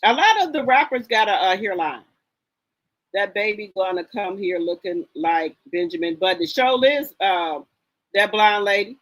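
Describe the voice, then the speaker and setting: In this rough recording, the live stream host's voice sits at medium pitch, animated and a bit bright at a moderate pace. She chats sassily about gossip, reads the chat aloud and greets viewers by name.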